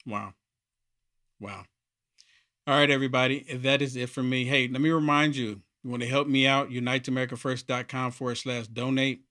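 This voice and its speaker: A man's voice: medium pitch, steady tone, normal speed, sharp tone. A man hosting a political commentary show, talking bluntly and with strong opinions. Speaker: host.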